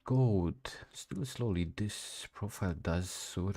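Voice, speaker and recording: Trading live on stream, a young man who speaks English as a non-native language talks slowly in a low, warm, steady voice. His commentary is relaxed and full of slang, and he says "bro" a lot.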